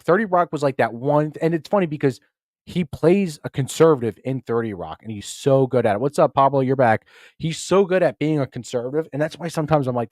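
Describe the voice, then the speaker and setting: A man's voice: mid-range voice, a little mellow, no room sound, studio quality. A man hosting a podcast in casual chat, talking loosely and with plenty of swearing, and slipping into offhand impressions. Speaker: podcast host.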